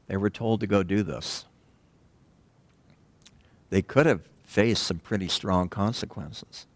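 A man preaching a sermon in a conversational way, pausing often and asking the congregation rhetorical questions. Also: low-pitched, no echo. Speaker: pastor.

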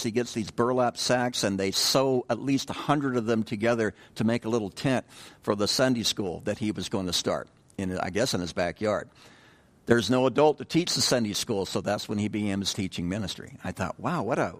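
A man's voice: lowish voice, brisk. Man teaching a casual Bible study. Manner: conversational, repeats words, restarts phrases, asks the group questions.

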